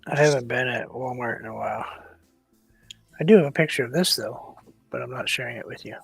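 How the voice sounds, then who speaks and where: A man's voice: medium pitch, fairly quick, creaky, slightly rough, faint music behind. A man in his fifties co-hosting a casual chat over a video call, talking in a dry, teasing way. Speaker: co-host.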